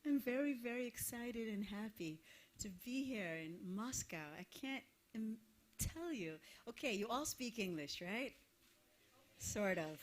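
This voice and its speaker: An Israeli singer talks to her live concert audience between songs, laughing and gushing in an effusive, playful way. Her voice is fairly high in pitch and expressive, and she speaks unhurriedly.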